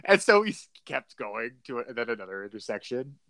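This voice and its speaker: A man's voice: mid-range voice, sing-song, brisk, pushed and bright, dry recording, clean studio sound. A young man co-hosting a podcast, telling a story in a rambling way with lots of fillers and laughs. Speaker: podcast co-host. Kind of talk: casual chat.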